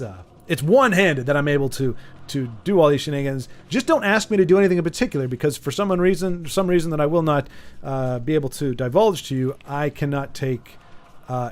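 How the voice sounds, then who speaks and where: A man streaming a game, chatting casually and rambling with stammers and repeated words as he answers viewer chat. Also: fairly high pitch. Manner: reads viewer chat aloud and teases. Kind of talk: casual chat while gaming.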